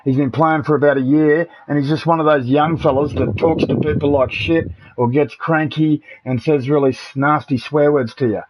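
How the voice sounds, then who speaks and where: A man's voice: fairly high pitch, steady tone, moderate pace, few pauses, background noise. Blunt Australian man on a muffled stream mic. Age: middle-aged. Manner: blunt and aggrieved, swears freely, says mate and bro a lot. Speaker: game streamer. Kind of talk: casual live-stream chat with party members.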